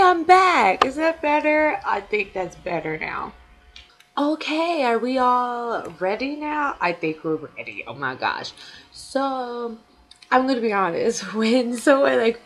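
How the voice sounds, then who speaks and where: A young woman vlogging casually to camera as a fan blogger, chatty and full of fillers, with quick laughs. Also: mid-range voice.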